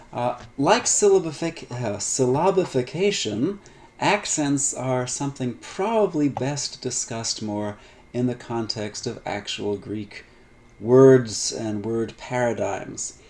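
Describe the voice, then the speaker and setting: A man lecturing on Greek grammar in a relaxed, unscripted way, with many fillers, restarts and light asides. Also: medium pitch, a little hiss or hum. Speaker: Greek instructor. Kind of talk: recorded lecture.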